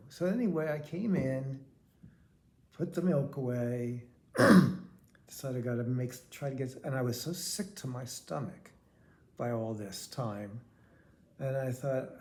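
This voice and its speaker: A man's voice: medium pitch, a little slow, a little mellow. An older man, telling a rambling, candid personal story. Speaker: vlogger.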